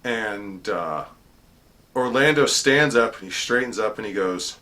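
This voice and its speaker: A man's voice: expressive, unhurried, pushed and bright. A middle-aged man, a court herald, chatting casually about an event, with fillers and restarts. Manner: booming formal proclamation when quoting court cries. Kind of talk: casual storytelling monologue.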